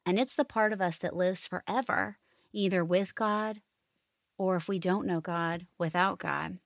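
A woman with a slightly low voice hosts a gentle family devotional podcast. She talks in a slow, soothing way, as if leading a quiet moment of reflection. The recording is dry and close, with no room sound. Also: creaky, dry recording. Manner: slow, soothing reading and guiding. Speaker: podcast host.

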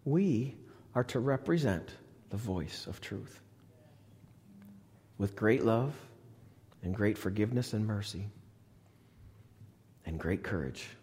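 A male pastor preaching a live sermon in a church, swinging from loud, high appeals to hushed, low lines. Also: expressive, slow pace, long pauses, a little hiss or hum. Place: church sanctuary. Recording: long reverb of a church hall.

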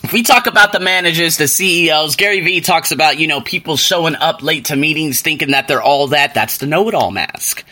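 A man hosting a solo podcast book review, telling stories in an animated way that climbs into exasperated rants. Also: on the high side, a little fast, few pauses. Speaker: podcast host.

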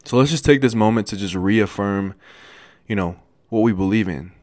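A young man speaks in a low, earnest register, hosting a motivational podcast on his own. He talks casually to his listeners and stumbles over words now and then. The recording is dry, with no room sound. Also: a little mellow, dry recording. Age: young adult. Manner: halting, with restarts and stutters. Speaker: podcast host. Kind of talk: motivational solo podcast talk.

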